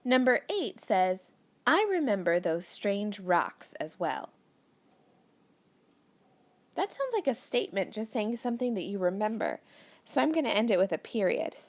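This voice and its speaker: A woman teacher with a mid-range, sing-song voice patiently walks young students through a grammar worksheet in this recorded children's lesson. She speaks a little slowly, leaving long pauses as she reads each sentence aloud and explains every step.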